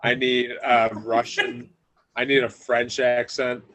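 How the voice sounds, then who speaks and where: A man's voice: mid-range voice, flat delivery, takes it slowly, pushed and bright, poor audio. A man guesting on a podcast as an author, talking in an easygoing, rambling way. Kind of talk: casual podcast interview.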